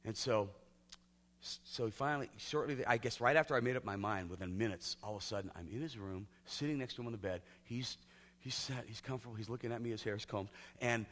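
A male pastor telling a personal story in a sermon, talking conversationally and often dropping to a hushed near-whisper. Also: on the low side, quick pace, slight background noise. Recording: long hall reverb.

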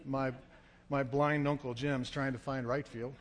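A man telling a dramatic story to an audience, acting out shouts and crowd noise as he goes. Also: mid-range voice, flat delivery, fairly quick, in a large hall.

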